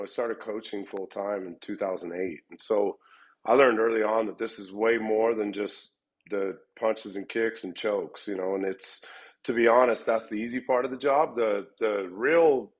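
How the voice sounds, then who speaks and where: A middle-aged man who heads an MMA gym answers interview questions in a lowish voice, rambling and frequently restarting or repeating words. The recording is low quality.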